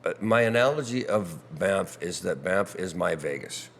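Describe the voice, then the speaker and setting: A man's voice: low-pitched, lively intonation, normal speed, gravelly, a bit bright, a little hiss or hum. Laughing storyteller man in a pub. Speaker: guest musician. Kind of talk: casual chat over drinks. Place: back bar of a pub.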